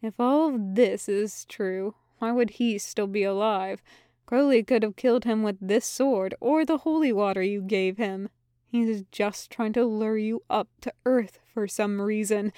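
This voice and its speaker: A woman voicing a malicious male voice in someone's head, slow, hissing and coaxing. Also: medium pitch, fairly even intonation, dark tone, clear, resonant tone, no echo, studio quality, lightly acted. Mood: menacing.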